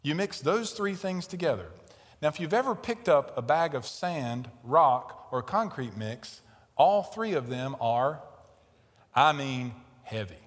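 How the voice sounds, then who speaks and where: A man preaching a sermon, telling a story and growing loud and animated in tense moments. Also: fairly high pitch, a little slow, long reverb tail. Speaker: pastor. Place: large tent.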